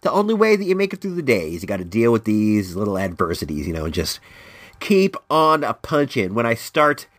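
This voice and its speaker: A podcast host, stuffed up from allergies, calls in from home in California for a casual solo show. He talks fairly quickly with big pitch swings, rambling and repeating words. The recording is dry.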